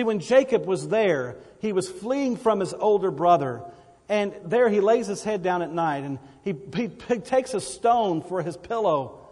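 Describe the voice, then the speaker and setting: A man preaching a sermon in a church, his somewhat high voice carrying a long reverb from the hall. He speaks emphatically and repeats words as he presses his point. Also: darkish tone. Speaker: pastor.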